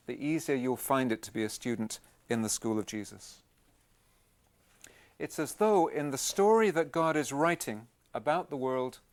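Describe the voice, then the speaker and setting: A man giving a Christian teaching talk at a camp, speaking plainly and conversationally, gently persuasive. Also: mid-range voice.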